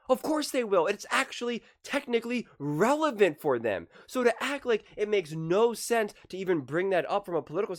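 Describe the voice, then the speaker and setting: A young man hosting solo sports commentary, rambling and exasperated, repeating "like" a lot as he talks. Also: high voice.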